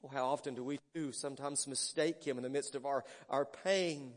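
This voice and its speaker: A male pastor preaching a sermon emphatically, swinging from loud declarations to hushed words. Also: mid-range voice, steady tone, fairly quick, big-room sound.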